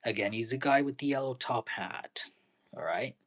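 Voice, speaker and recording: A young man talking in a casual vlog monologue, halting and repeating his words, earnest and pleading, often dropping into breathy half-whispers. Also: mid-range voice, animated, fairly bright tone. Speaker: vlogger.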